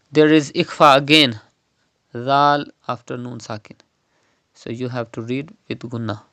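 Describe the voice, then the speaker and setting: A man teaching Quran recitation step by step, slowly modelling and repeating each word's pronunciation. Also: mid-range voice, fairly bright tone, clean tone, dry recording.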